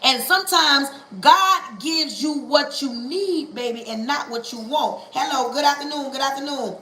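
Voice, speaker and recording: A woman preaching a livestream sermon, calling on listeners to say ouch, with a church cadence that stretches words and builds to shouting. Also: high-pitched, unhurried, reverberant, slight background noise, low-quality recording.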